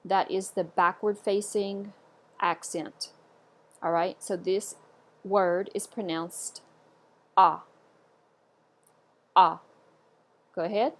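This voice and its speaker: A woman teaching French pronunciation in a patient lesson, saying each word slowly and repeating it for learners. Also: medium pitch, fairly even intonation. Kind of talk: instructional lesson. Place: indoors, camera off.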